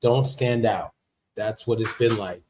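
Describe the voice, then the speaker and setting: A man's voice: fairly low pitch, a little slow, a little mellow, a little hiss or hum. Chatty American-style male livestream host. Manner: chatty and emphatic, repeats points, reads and comments on notes. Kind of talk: casual livestream monologue. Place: living in Vietnam.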